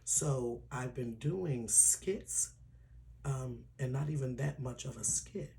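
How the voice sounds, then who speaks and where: A man gives his followers a heartfelt vlog update. His voice is gravelly and hoarse from a tired throat. A faint hiss sits under the recording. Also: mid-range voice, slow pace, mellow. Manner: earnest, personal and emotional, drops to a whisper at times. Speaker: YouTuber.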